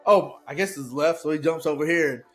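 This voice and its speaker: Higher-voiced man laughing through stories. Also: brisk, soft background music. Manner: laughing, profane anecdotes. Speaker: podcast guest. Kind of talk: casual chat.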